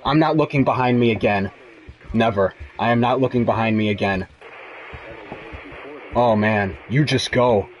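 A man's voice: medium pitch, moderate pace, pauses often, lo-fi sound, slight background noise. A young man commenting on a horror game, frightened and swearing as he talks to himself. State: shaking with fear. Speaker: gamer.

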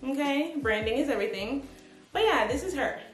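Upbeat woman doing a try-on haul, kinda high voice, lots of "like", echoey room w/ faint music behind. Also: lively intonation, fairly quick. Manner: chatty, upbeat, lots of "like" and "but yeah". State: out of breath. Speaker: fashion vlogger. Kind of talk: casual try-on haul chat. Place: home room with a tripod. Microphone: camera on a tripod.

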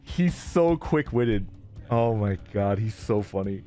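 A male streamer chatting casually, laughing often and talking in a bouncy, lively way. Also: fairly low pitch, slow pace, soft background music.

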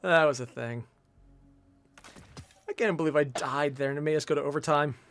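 A young man streaming a shooter game, chatting casually and jokily with teammates and bursting into shouts. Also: on the high side, moderate pace, soft background music. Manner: excitable, jokey, sudden shouts. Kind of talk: casual gameplay commentary.

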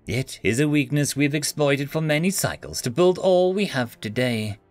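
A man's voice: fairly high pitch, expressive, normal speed, no echo, faint music behind, close to an everyday voice. A man voicing a proud, scheming female alien podmother who talks in a haughty, hissing way. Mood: knowing.

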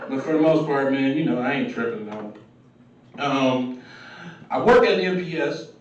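A man's voice: mid-range voice, normal speed, highs cut off, a little hiss or hum. Man, thirties, stand-up comic, loose and profane, roomy distant sound. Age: 30s. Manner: loose, profane, conversational delivery with acted-out quotes. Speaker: stand-up comedian. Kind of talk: open mic stand-up set. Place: comedy club stage. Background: crowd laughing.

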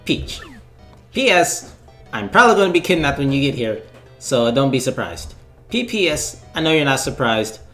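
A man's voice: mid-range voice, sing-song, normal speed, a bit bright, soft background music. A man voicing a snarky princess reading out her own letter, sarcastic and mocking.

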